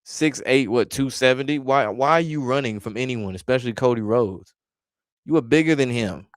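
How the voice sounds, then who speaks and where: A man's voice: mid-range voice, moderate pace, no echo, clean studio sound. A man ranting bluntly in a casual vlog, exasperated and swearing freely as he reacts to his chat. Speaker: wrestling commentary vlogger.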